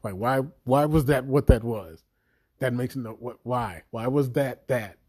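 A man's voice: medium pitch, unhurried, dark tone, breathy edge. A man giving an exasperated, profanity-laden video review of a series he thinks let him down. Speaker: show reviewer.

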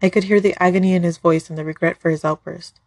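Woman storyteller, husky, soft emotional read, dry close sound. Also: on the low side, steady tone, fast, dry recording. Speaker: fan fiction podcast reader. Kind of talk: first-person story reading.

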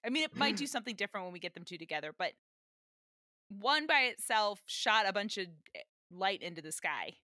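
A woman co-hosting a casual rewatch podcast, animated and exasperated, swearing casually as she chats. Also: medium pitch, fairly quick, dry recording, studio quality. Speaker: podcast co-host.

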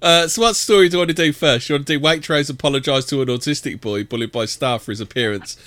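A man's voice: fairly high pitch, quick pace, a bit bright, slight background noise. A man hosting a casual podcast, reading news stories aloud with crude banter and stammered restarts. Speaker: podcast host. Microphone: desk microphone.

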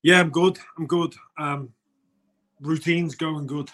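A man's voice: a little high, steady tone, slow pace, fairly bright tone. Earnest, rambling British male co-host. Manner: rambling, restarts often, earnest. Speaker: co-host of a morning wellness show. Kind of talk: casual morning show chat.

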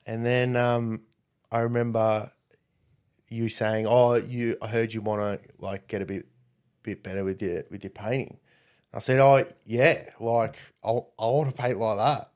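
A man's voice: fairly low pitch, unhurried, clean tone. Rambling man telling a story. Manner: rambling, animated when quoting others. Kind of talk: casual storytelling chat.

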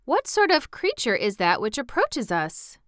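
A woman voicing a gentle, sympathetic male tin man in a storybook reading, speaking softly. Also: on the high side, wildly swooping pitch, a little slow, no echo, studio quality, voice pushed up, heavily acted. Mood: wondering. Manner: soft, sympathetic. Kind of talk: storybook read-aloud.

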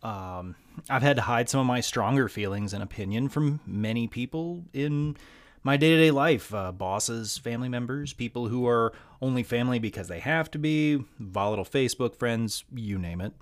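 A man's voice: medium pitch, normal speed. A man from the American South with a slight Southern accent, hosting a casual podcast monologue in a wry, candid, sardonic way with frequent ums. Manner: frequent ums and trailing asides. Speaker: podcast host.

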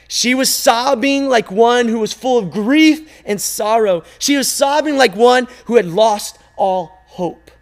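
A man telling a parable slowly and expressively, calling out loudly at times and sinking to a hush at others. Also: extremely high pitch, creaky. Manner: slow, expressive telling, swinging from loud calls to hushed near-silence. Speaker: storyteller. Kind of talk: dramatic storytelling.

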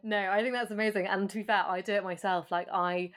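A woman from Essex, hosting an interview with a neutral southern English accent. She talks quickly and articulately, with her thoughts tumbling out at a brisk pace. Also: mid-range voice, steady tone, fairly bright tone. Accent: neutral southern English, Essex accent mostly lost. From Essex, England. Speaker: podcast host. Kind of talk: casual interview chat.

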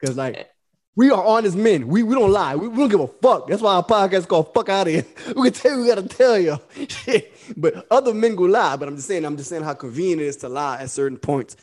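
A man's voice: sits high, lively intonation, fairly quick, a little mellow. A young adult man co-hosting a casual podcast, telling loose stories with laughs and acting out the people he quotes. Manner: loose, laughing storyteller, acts out quoted voices. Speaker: podcast co-host.

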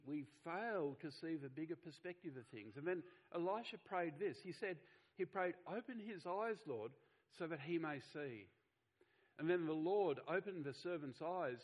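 A man's voice: fairly high pitch, a little mellow, poor audio. A middle-aged man, preaching a sermon in an earnest, conversational way with frequent restarts. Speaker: pastor.

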